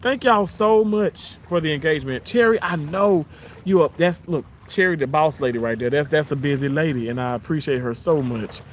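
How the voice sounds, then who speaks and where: A man with a Southern American accent chats warmly on a live stream, sitting outside by the water. His voice sits a touch high, and he thanks his viewers one by one in a grateful, easygoing way. Faint outdoor noise hums under his voice. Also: normal speed. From Southern United States. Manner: warm, grateful, chuckles often. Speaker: live-stream host reading chat. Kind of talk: casual live-stream chat.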